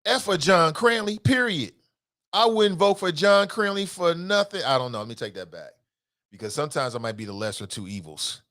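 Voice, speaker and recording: A man with a Cincinnati accent hosts a solo talk show with a voice pitched a bit high. He sounds impassioned and a little profane, getting loud one moment and dropping to muttered asides the next. He reads listener comments between his rants. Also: animated, brisk.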